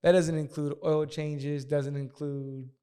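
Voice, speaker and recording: A man casually telling a profane story as a podcast guest, talking fast and acting out the people in it. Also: fairly high pitch, flat delivery, dark tone, clean tone. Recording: long hall reverb.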